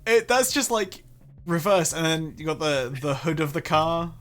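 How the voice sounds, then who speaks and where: A man's voice: fairly high pitch, moderate pace, a bit bright. Chatty young Englishman with English accent. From England. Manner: chatty, self-deprecating, stumbles and restarts often. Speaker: streamer host. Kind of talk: casual chat on a live stream.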